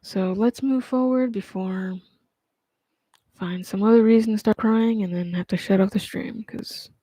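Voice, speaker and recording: A man talks on a livestream in a loose, rambling way, stopping and restarting his sentences and dropping in casual swear words. His voice is warm and mellow, often sinking to a near-mumble at the ends of thoughts, recorded dry and close. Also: high-pitched, steady tone, unhurried, dry recording. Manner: rambling and hesitant, many fillers and restarts.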